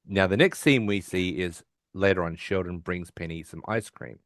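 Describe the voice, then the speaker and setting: A man's voice: low-pitched, moderate pace, dry recording, studio quality. A man co-hosting a podcast, casually retelling scenes and acting out lines, with fillers. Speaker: podcast co-host. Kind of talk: casual recap chat.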